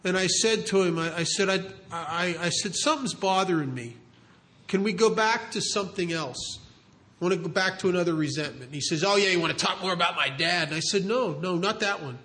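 A middle-aged man earnestly telling a story about guiding someone through recovery, halting and restarting as he talks. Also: sits high, sharp tone. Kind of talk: storytelling talk.

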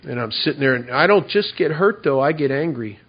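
A man with a fairly high voice tells a confessional recovery story to a meeting. He is candid and self-mocking. The recording is dull and lo-fi. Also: lively intonation, fairly quick, husky. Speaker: recovery speaker.

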